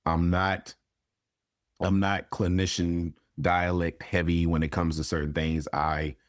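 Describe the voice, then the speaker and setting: Guest therapist, male, very low voice, dry close sound, candid and profane in casual chat. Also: little pitch movement, unhurried, no echo. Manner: frank, swears freely, acts out quotes. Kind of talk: casual conversation.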